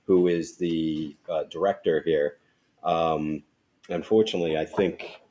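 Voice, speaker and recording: A middle-aged man talking in a measured, relaxed way in casual conversation. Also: rumbling low. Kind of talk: casual chat.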